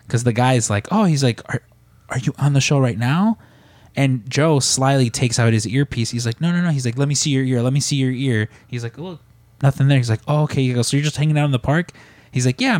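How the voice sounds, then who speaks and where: A man's voice: mid-range voice, darkish tone, no echo. A man hosting a casual podcast, telling long rambling stories with lots of fillers and restarts. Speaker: podcast host.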